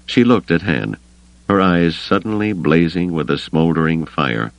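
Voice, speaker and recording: Deep-voiced man narrating an audiobook. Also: moderate pace, creaky, no room sound, lo-fi sound. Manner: expressive storytelling. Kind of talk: scripted narration.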